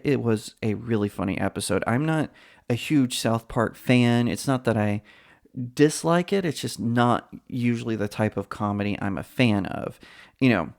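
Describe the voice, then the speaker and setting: A man's voice: on the low side, gravelly. A man hosting a pop culture commentary channel, talking in a chatty, opinionated way with frequent fillers.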